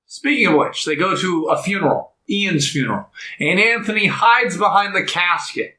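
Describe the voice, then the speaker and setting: A young man co-hosting a podcast, casually recapping a movie's plot and acting out the characters' lines in loud, high voices. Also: normal speed. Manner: animated storytelling, jumps into loud high voices for quotes. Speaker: podcast co-host. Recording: echoey room.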